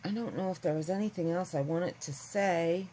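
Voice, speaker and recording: A woman's voice: on the low side, moderate pace, mellow, slight background noise, rough recording. A woman chatting casually to her viewers, rambling and candid. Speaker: vlogger. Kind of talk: casual chat to camera.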